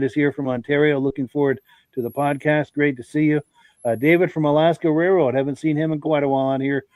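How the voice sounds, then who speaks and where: A man's voice: mid-range voice, dry recording, narrow, tinny audio. Congested man hosting a live podcast. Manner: friendly, folksy, reads out comments with fillers. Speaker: podcast host. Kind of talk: live-stream podcast hosting, reading viewer comments.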